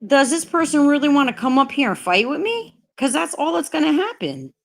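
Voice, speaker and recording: A woman's voice: sits high, very animated, brisk, fairly bright tone. A woman hosting a livestream chat, ranting heatedly and swearing a lot. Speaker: livestream host.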